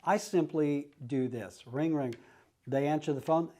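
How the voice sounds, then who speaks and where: A man's voice: a little high, measured pace, dark tone. A middle-aged man, teaching real estate agents how to cold call, acting out friendly, familiar phone greetings. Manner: acts out friendly phone calls in a casual, familiar tone. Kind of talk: instructional talk.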